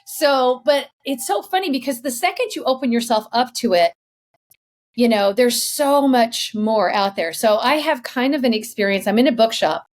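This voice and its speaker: A woman's voice: a little high, moderate pace. Chatty woman telling a story. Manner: chatty, animated, laughs while telling stories. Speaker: podcast host. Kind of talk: casual storytelling.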